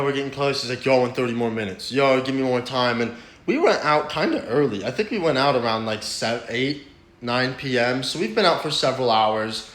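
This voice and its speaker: A man's voice: mid-range voice, a bit bright. Profane young man rambling through a story. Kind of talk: casual storytime. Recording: roomy echo.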